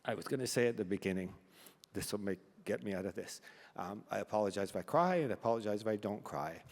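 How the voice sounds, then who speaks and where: Fighting back tears, an older award recipient from Canada gives a halting acceptance speech full of restarts and self-deprecating humor. His fairly low voice is expressive, and the large banquet hall adds a long reverb to this emotional moment.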